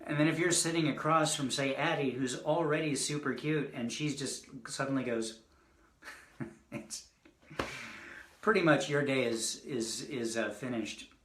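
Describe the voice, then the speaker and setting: A man's voice: mid-range voice, a little slow, a bit bright, roomy sound. A man giving a casual poetry reading, rambling and joking between poems. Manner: rambling, self-deprecating asides between poems. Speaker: poet reading his work. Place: indoors, online reading.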